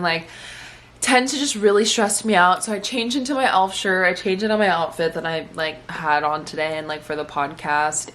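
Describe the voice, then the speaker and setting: Her voice sits fairly low but has a fairly bright tone. At home, this young vlogger and podcaster talks through her day in a casual vlog, emotional and chatty, leaning heavily on "like."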